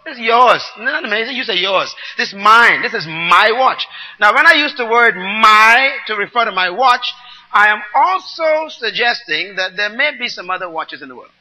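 A man preaching a teaching sermon, explaining scripture word by word and calling on the congregation to repeat after him. He swings between loud, emphatic bursts and soft asides. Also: high-pitched, expressive, normal speed, low-quality recording. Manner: teaching, asks the congregation to repeat and write words down.

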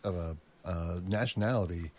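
A man's voice: sits low, moderate pace, a little mellow, slight background noise. A man in casual chat who talks hesitantly, often stopping and restarting his sentences.

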